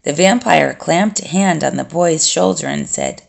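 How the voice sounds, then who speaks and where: A woman narrates an audiobook in a slow, unhurried way. Her voice carries a strong gravelly fry. She keeps the reading steady and plain. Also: low voice.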